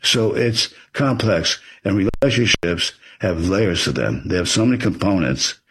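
This man's low, husky voice has lively intonation and a fairly bright tone, delivered at a measured pace. As an author under interview, he gives earnest advice and acts out example dialogue to make his points.

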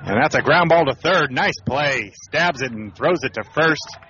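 A man calling baseball play-by-play for radio, relaxed and conversational, with asides between pitches. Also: normal speed, some chatter behind, a little hiss or hum. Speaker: play-by-play announcer. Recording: slightly muffled radio broadcast.

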